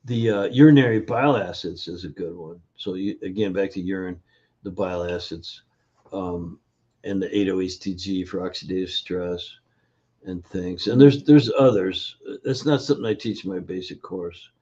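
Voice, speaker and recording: A man's low, mellow, slightly rough voice comes through dull lo-fi audio as he guests in a casual video interview as a functional nutrition educator. Halting and filler-heavy, he tells stories and acts out the people in them.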